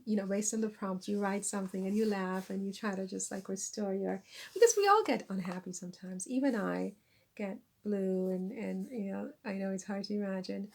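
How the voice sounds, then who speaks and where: A woman's voice: medium pitch, normal speed, vocal fry, a little mellow. A woman vlogger chatting casually to camera, self-deprecating and laughing at herself as she recommends her books. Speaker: vlogger and author. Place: lives in France.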